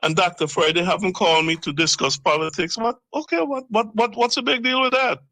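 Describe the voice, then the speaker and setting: A man's voice: sits high, fairly even intonation, a little fast, sharp tone, no echo, rough recording. A man calling in to a radio show, emphatic and repetitive as he rants. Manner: emphatic, repeats himself, ranting. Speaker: radio caller. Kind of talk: casual call-in chat.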